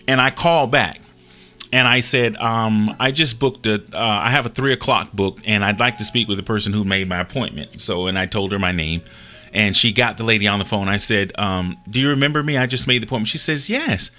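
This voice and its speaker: A man's voice: mid-range voice, sharp tone. A man telling a personal story in a casual, earnest way, acting out the dialogue as he goes. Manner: earnest, retells dialogue with small restarts.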